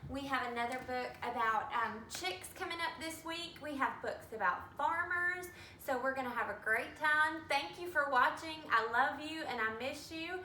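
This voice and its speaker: A woman teacher giving an early reading lesson to young children, slowly sounding out letters and words. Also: sits high, sharp tone, a little hiss or hum. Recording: echoey room, mic at a distance.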